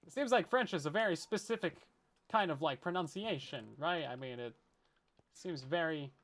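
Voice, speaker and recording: Chatty, jokey man with a higher voice. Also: lively intonation, normal speed. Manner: joking, self-deprecating, laughs often; rambling, chatty asides. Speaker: Minecraft streamer. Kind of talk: casual let's-play chat with viewers.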